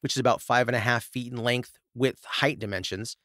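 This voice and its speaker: A man's voice: medium pitch, fairly even intonation, a little fast, a bit bright, no room sound. Male host, scripted narration with loose asides, dry booth sound. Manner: reads researched notes, then stumbles and laughs in asides. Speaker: podcast host reading the story.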